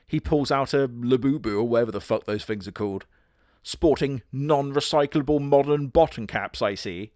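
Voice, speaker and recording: Guy doing snarky crude commentary, dry close sound, deadpan. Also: mid-range voice, moderate pace, no room sound. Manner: sardonic, crude, deadpan jokes with put-on quote voices. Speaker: host. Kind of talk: comedic commentary narration.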